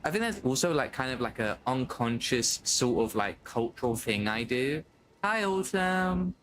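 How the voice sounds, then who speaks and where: British guy, young, mid pitch, casual streamer chat, swears, faint hiss behind. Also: normal speed, a bit bright, rough recording. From Britain. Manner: chatty, swears, greets chat while playing. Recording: faint background noise.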